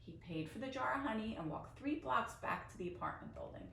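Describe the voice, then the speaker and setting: A teacher reads a picture book aloud to children, adding chatty asides and explaining Yiddish words. Her voice is fairly high, bright, and forceful, animated and fairly quick with vocal fry, captured on a roomy, distant mic with faint noise.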